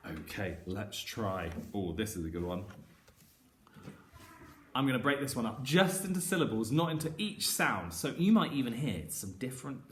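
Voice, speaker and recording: A man teaching a phonics lesson to primary school children, sounding out each word slowly and clearly and praising often. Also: mid-range voice, big pitch swings, a bit bright, slight background noise. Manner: encouraging, with frequent praise. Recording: echoey room.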